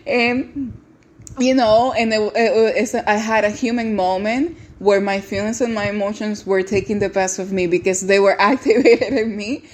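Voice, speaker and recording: A woman's voice: mid-range voice, steady tone, normal speed. Tearful woman podcast host. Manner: earnest, tearful, repeats words and restarts often. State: close to tears. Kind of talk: emotional personal testimony and encouragement.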